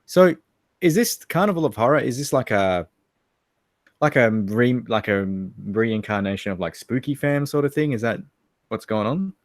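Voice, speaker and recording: A man's voice: medium pitch, lively intonation, normal speed, no echo, clean studio sound. A man with an Australian accent co-hosting a casual livestream chat, joking, laughing and crude. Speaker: livestream co-host.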